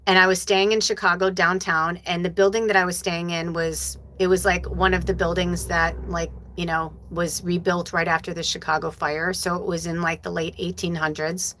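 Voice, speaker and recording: Her voice sits lowish with little pitch movement and a slightly bright quality, moving at normal speed with few pauses. This forties-aged medium chats through a story on her live stream, cursing freely and leaning on lots of fillers.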